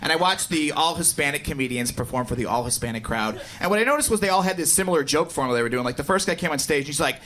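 High-voiced male stand-up comic. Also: lively intonation, very fast, hardly any pauses, fairly bright tone. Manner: loose, self-mocking storytelling. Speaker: stand-up comedian. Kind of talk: stand-up set. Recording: live club mic with background noise.

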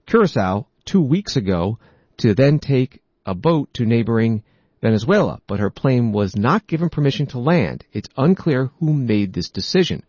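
A man hosting a news program, reading out reports and quoting articles in a measured way. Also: fairly low pitch, a little mellow, no room sound, muffled recording. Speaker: news host.

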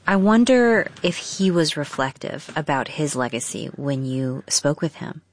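A woman hosting a radio news program, who interviews calmly and reassures her guest. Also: low voice, a little slow. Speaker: news host.

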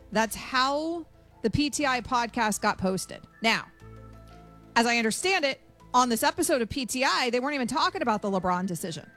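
A woman hosting a sports radio show, brisk and pointed, raising questions and building her case. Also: a little high, fairly bright tone. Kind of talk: sports radio talk with read ads.

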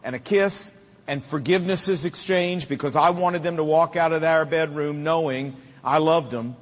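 A man's voice: on the high side, normal speed, long reverb tail. A middle-aged man preaching a sermon, with emphatic, repetitive rhetoric and folksy humor. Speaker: pastor.

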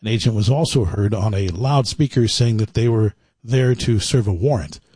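Husky male radio news reader. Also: on the low side, moderate pace, warm tone, dry recording, clean studio sound. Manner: crisp, neutral news delivery. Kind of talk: radio newscast.

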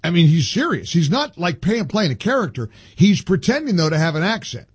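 A man's voice: high-pitched, very animated, fairly quick, breathy edge, no echo. A man hosting a talk radio show in a studio, delivering an indignant, emphatic monologue full of restarts.

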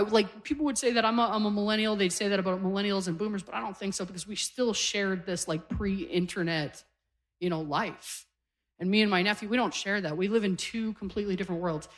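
Woman in her forties doing stand-up. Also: medium pitch. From Canada. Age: 40s. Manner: conversational, self-deprecating punchlines. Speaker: stand-up comedian. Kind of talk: stand-up comedy set. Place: comedy stage with a live audience.

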